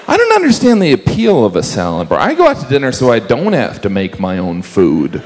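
A man's voice: medium pitch, huge pitch swings, a little fast, hardly any pauses, long reverb tail. Man, observational stand-up, wry, swooping intonation, background noise. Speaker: stand-up comedian. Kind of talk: stand-up comedy.

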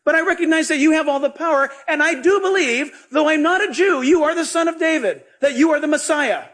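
A man acting out a desperate mother who begs earnestly and imploringly, in a raised, husky voice. She pleads for mercy and pushes every line up in pitch. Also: very animated, unhurried, a bit bright, full character voice.

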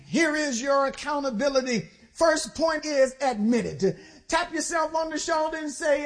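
A woman preacher delivering a sermon, exhorting the congregation with call-and-response, slowing for stressed phrases and speeding through quick bursts. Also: high voice, animated.

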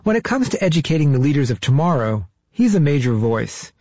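A man from the US East Coast hosting and narrating an interview piece, asking questions in a measured, inquisitive way. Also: fairly high pitch, big pitch swings, a little mellow, dry recording. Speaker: host and narrator. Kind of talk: radio-style interview narration.

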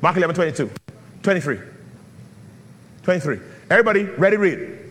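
A man's voice: high-pitched, expressive, brisk, a bit bright, long reverb tail. A man preaching a sermon as pastor, calling on the congregation and breaking into a chanting, sung delivery. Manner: preaching with call-and-response, swinging into a sung chant.

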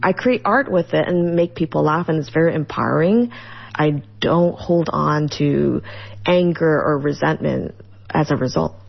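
A comedian and content creator answering interview questions, animated and quick to laugh, in a muffled recording. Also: female voice, deep voice, creaky, husky.

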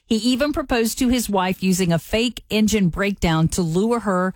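A woman's voice: mid-range voice, normal speed, no echo, clean studio sound. A woman co-hosting a morning radio show, telling a news item with upbeat enthusiasm. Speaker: radio co-host.

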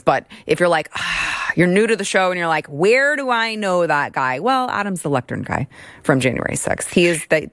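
A woman's voice: on the low side, a bit bright, no room sound, studio quality. A woman hosting a political talk show, sarcastic and mocking as she mimics others. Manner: sarcastic, mocking, puts on voices to imitate others. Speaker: show host.

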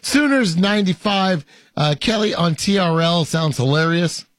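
A man's voice: sits high, moderate pace, fairly bright tone, no echo, clean studio sound. A man hosting a show, reading viewer comments in casual banter, hesitant with many fillers and playfully pompous. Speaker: host.

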